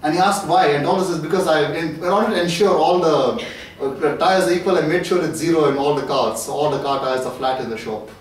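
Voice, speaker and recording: A man's voice: a little high, quick pace. Chuckling man telling jokes in an echoey room. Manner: chuckles at his own jokes. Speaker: amateur comedian giving an office tour. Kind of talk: casual comic monologue and joke telling. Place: office suite, indoors. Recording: very echoey room, camera at a distance.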